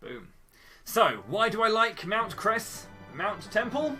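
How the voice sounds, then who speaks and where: A man's voice: high voice, big pitch swings, slow, bright, forceful tone, soft background music. A man commenting playfully and jokily on his own live game speedrun. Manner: jokey, playful, theatrical.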